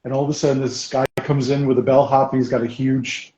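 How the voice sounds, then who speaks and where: Animated man telling a story, roomy. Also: medium pitch, fast. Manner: animated storyteller, laughs often; painting while talking. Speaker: guest. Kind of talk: casual chat, storytelling. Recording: roomy, dull sound.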